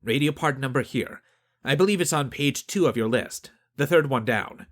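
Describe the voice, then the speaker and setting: A man voicing a clever young crewman who argues regulations in a calm, methodical way. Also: mid-range voice, moderate pace, pitched above the performer's own voice, lightly acted. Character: clever young man, precise crew accountant.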